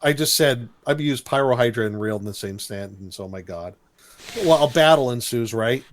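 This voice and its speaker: A man co-hosting a podcast, recapping a cartoon episode in a lively, storytelling way and laughing as he goes. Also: medium pitch, normal speed. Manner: animated storytelling, briefly imitates characters with laughs. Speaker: podcast co-host.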